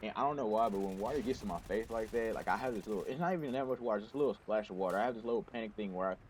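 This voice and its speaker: A man's voice: on the low side, racing. Young guy telling a story on his gaming channel, rambly, keeps restarting, bit of background hiss. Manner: rambling, self-correcting, animated retelling. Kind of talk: casual storytelling to camera.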